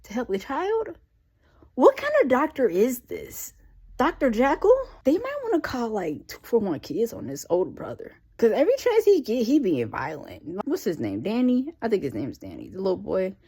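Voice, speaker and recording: A young woman talks through an episode she is watching, full of slang and incredulous side comments. Her pitch swings widely and expressively as she reacts. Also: wildly swooping pitch, brisk, hardly any pauses, mellow, husky. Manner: sarcastic, incredulous asides to the viewer; slangy, conversational. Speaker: reviewer recapping an episode. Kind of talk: casual recap commentary.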